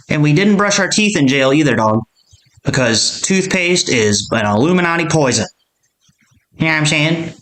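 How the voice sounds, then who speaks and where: A man's voice: fairly high pitch, lively intonation, normal speed, a bit bright. A man in a boastful, mock-tough comedic monologue, mocking and repeating lines while tagging words onto them. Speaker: comedy streamer in character.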